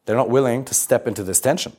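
A man's voice: mid-range voice, fast. A man coaching a live group on relationships, talking bluntly, swearing freely and stressing his points with energy. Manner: blunt, swears freely, lively emphatic delivery.

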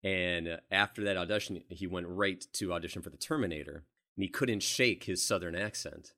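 A man's voice: low voice, brisk, bright, forceful tone. A man co-hosting a casual movie podcast, telling stories animatedly and laughing along the way. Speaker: podcast co-host. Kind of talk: casual film discussion.

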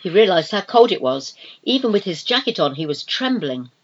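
A woman reading a novel aloud in expressive, measured scripted narration. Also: lowish voice, dull audio. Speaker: audiobook narrator.

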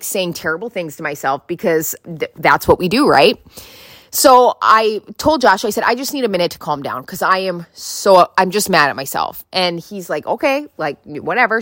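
A woman's voice: medium pitch, fairly bright tone, no room sound, clean studio sound. A young woman hosting a podcast, chatting casually and telling a personal story with lots of fillers and restarts. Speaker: podcast host. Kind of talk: casual solo podcast chat.

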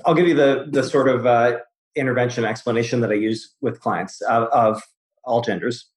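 A man therapist in casual conversation with a mid-pitched voice, relaxed and explanatory, telling stories to make his point. The recording has a roomy echo around him. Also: normal speed. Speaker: therapist, host.

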